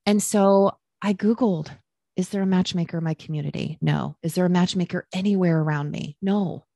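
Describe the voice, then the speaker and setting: In clean studio sound with no echo, a woman guest on a casual podcast recounts her work as a matchmaker. Her creaky voice moves at a normal speed, and this Midwesterner lifts her pitch to perform the quotes she tells.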